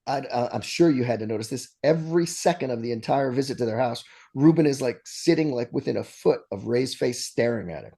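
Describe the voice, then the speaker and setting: A man's voice: medium pitch, fairly quick, vocal fry, slightly rough. A man co-hosting a casual movie podcast, retelling scenes with laughs and restarts. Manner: animated storytelling with frequent laughs and restarts. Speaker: podcast co-host.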